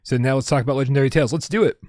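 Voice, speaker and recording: A man's voice: mid-range voice, rapid-fire, darkish tone, no room sound, clean studio sound. A man hosting a casual gaming livestream at home, rambling and reading out viewer tips with lots of restarts. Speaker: livestream host.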